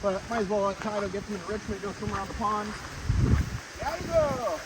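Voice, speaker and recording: A man hosting a wildlife vlog outdoors, talking excitedly to his animals as he feeds them. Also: high voice, fast, heavy background noise. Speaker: wildlife vlogger and zoo keeper. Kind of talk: casual outdoor vlog narration. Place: outdoors at animal enclosures and a pond.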